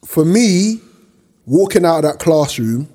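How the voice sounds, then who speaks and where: A man, co-hosting a podcast, telling stories in a slangy, animated way and swearing freely. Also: fairly high pitch, a little slow. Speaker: podcast co-host. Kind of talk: casual chat.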